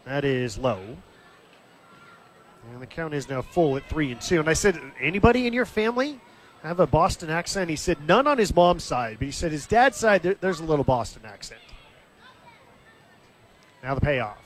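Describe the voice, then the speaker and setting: A man calling a baseball game live, in a steady and conversational manner. His voice sits a little higher than most men's and rises briefly when the action comes. Faint outdoor ambience hums behind him. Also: moderate pace, long pauses, a faint crowd, slight background noise. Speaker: play-by-play announcer. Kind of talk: live baseball radio commentary.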